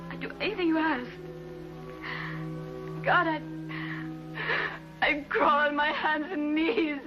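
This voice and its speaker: A woman's voice: high-pitched, slow, over music. An actress playing a lonely, distraught woman who stammers and pleads tearfully on the telephone with her ex-lover. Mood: desperate. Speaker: actress in a TV drama. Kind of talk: 1950s TV drama acting. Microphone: telephone in hand. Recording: dull 1950s TV soundtrack with score.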